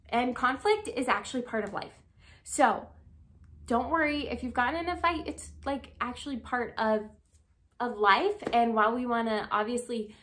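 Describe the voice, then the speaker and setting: A young woman giving relationship advice as a life coach, chatty and animated, full of "like" and "um". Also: on the high side. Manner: chatty, frequent "like" and "um", animated storytelling. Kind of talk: casual advice talk to camera.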